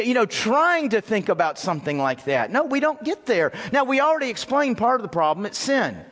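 A man with a notably high speaking voice delivers an earnest sermon, repeating key phrases for emphasis. His words ring out with a long reverb trailing behind, as in a church hall. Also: fairly bright tone. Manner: earnest, repetitive, addresses listeners as folks. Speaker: pastor. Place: church sanctuary with chairs.

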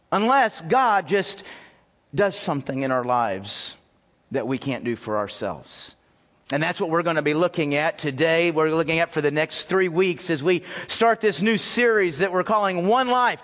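A man with a notably high speaking voice delivers an earnest sermon, repeating key phrases for emphasis. His words ring out with a long reverb trailing behind, as in a church hall. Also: animated, a little slow, a bit bright. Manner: earnest, repetitive, addresses listeners as folks. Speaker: pastor. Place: church sanctuary with chairs.

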